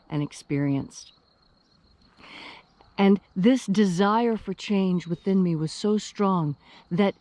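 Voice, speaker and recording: A woman from West Virginia giving an earnest spiritual sermon with careful, deliberate diction. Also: medium pitch, warm tone, no room sound. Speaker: minister.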